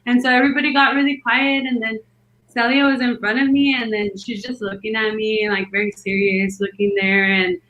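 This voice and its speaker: A woman's voice: on the high side, flat delivery, fairly quick, fairly bright tone, echoey room, low-quality recording. A woman casually telling a long personal story, rambling and filling it with "like" as she acts out what others said. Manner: rambling, many "like" fillers, acts out quotes. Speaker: podcast guest telling her birth story.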